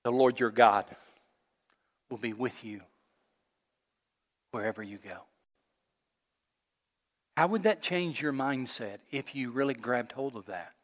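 A man preaching a sermon as a pastor, earnest, rising to loud call-and-response with his congregation. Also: medium pitch, animated, slow pace, long pauses, in a large hall. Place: church sanctuary.

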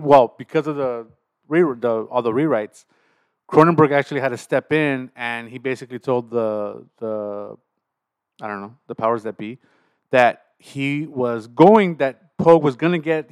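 A man's voice: medium pitch, no echo. A man hosting a casual podcast, chatty and teasing as he shares film trivia. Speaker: podcast host. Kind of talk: casual chat.

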